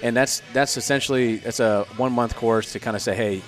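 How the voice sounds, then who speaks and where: A man's voice: mid-range voice, brisk, soft background music. A man in his thirties, a former soldier, casually telling stories and acting out the people he quotes, with some swearing. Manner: animated storyteller who acts out quoted voices, swears freely. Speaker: podcast guest, former Army Ranger and Green Beret. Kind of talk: casual storytelling chat.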